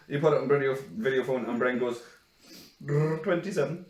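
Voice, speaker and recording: A man's voice: medium pitch, flat delivery, normal speed, echoey room, recorded from a distance. A man bantering and cracking jokes in casual chat, swearing freely. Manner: jokey, profane banter.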